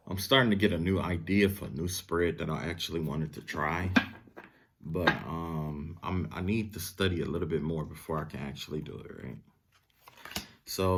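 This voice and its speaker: A young adult man giving a casual tarot reading in a relaxed, rambling way, full of fillers and asides. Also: low voice, a little hiss or hum. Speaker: tarot reader.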